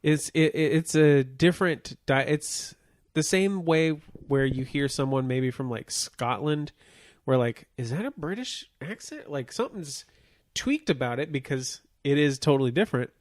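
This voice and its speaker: A man's voice: on the high side, expressive, dry recording. Chatty man co-hosting, dry sound. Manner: chatty, quick asides, joking. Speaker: podcast co-host. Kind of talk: casual chat.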